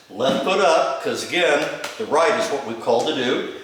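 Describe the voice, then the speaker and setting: A man's voice: medium pitch, expressive, normal speed, fairly bright tone, slight background noise. An older man teaching step aerobics moves, calling out each step as he demonstrates. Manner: coaching, calls out step moves. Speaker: fitness instructor. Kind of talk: instructional demonstration. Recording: echoey room, distant mic.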